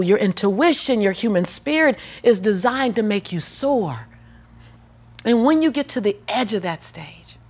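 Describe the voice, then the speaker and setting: A middle-aged woman and motivational speaker telling a personal story in an interview, lively and acting out the people in it, then preaching with repeated phrases. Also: a little high, breathy edge. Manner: animated, acts out the people in her story.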